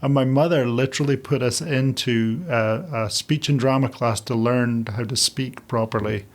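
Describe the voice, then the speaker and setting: A man, a podcast guest, chatting casually and telling animated stories, acting out the voices of the people in them. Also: mid-range voice, normal speed. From Scotland. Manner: animated storyteller, acts out quoted voices, laughs often. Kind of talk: casual interview chat.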